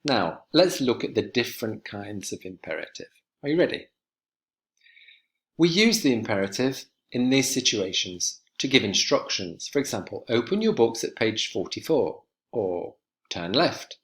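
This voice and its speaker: A man teaching an English grammar lesson to students, clear and emphatic as he speaks to them directly. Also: medium pitch, very animated, normal speed, fairly bright tone.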